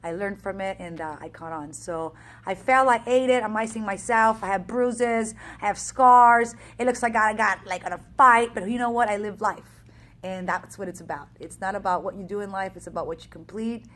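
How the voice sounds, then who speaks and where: Energetic woman fitness coach telling a story. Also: medium pitch, normal speed. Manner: energetic and chatty, acting out quoted exchanges. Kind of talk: casual motivational storytelling.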